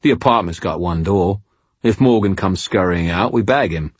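A coarse hireling, gruff and irritable, growling his words, as a male narrator voices him. The voice is low and husky with a dry, close sound. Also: normal speed, no room sound. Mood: gruff, cunning. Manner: annoyed, growling, swears constantly. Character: coarse, gruff British hired mercenary man.

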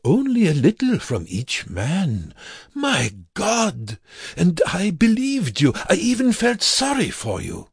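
A man's voice: medium pitch, big pitch swings, slow, few pauses, darkish tone, husky, dry recording, studio quality, pitched above the performer's own voice, heavily acted. A man voicing a horrified male prisoner who speaks harshly and bitterly, accusing his captor. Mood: bitter mocking.

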